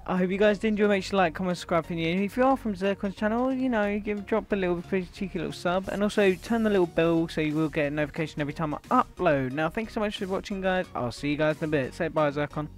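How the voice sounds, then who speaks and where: A young British man hosting a gaming video, talking brashly to his viewers and his opponent. He swears freely, trash-talks, and has a slightly high voice. Faint music plays behind him. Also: quick pace, hardly any pauses. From Britain. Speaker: gaming YouTuber host. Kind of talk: gaming commentary with an online opponent.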